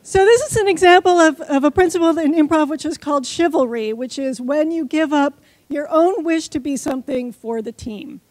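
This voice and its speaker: Woman speaker, high bright-pitched voice, chatty, talking straight to the crowd, dry close sound. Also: normal speed, few pauses, no room sound. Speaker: conference speaker. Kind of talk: short timed conference talk leading an audience exercise. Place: conference stage before a live audience.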